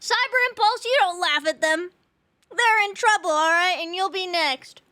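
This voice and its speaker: A woman putting on a stern middle-aged mom voice, calling people by name and scolding them loudly. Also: extremely high pitch, normal speed, no room sound, studio quality, pitched above the performer's own voice. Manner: loud, commanding, calls names out sharply.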